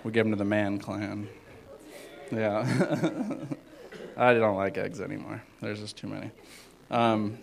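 A man giving an informal sermon as a youth pastor, rambling with many fillers and swinging between loud and hushed. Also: on the low side, a little slow, vocal fry, poor audio.

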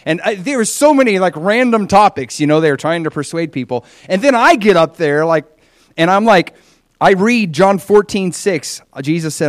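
A man preaching a sermon, telling a personal story in an earnest, animated way. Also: on the high side, normal speed, no echo, clean studio sound.

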